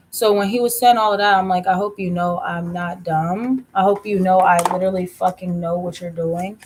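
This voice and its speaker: With slight background noise behind her, a woman livestreaming as a tarot reader launches into a story that becomes a blunt, profane rant. Her voice is fairly low with a darkish tone, and she slows her delivery for emphasis.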